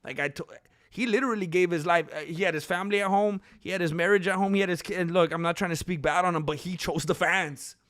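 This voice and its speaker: High-voiced man rambling on a livestream. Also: fast, fairly bright tone, no echo. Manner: rambling, conversational, talks to chat. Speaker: livestream host. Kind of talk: casual livestream chat.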